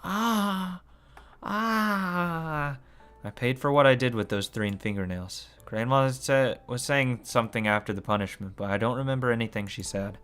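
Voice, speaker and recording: A man's voice: on the low side, brisk, few pauses, fairly bright tone, clear, resonant tone, faint music behind. A man reading a visual novel aloud as a let's play, swearing and commenting as he goes. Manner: swears and comments between lines.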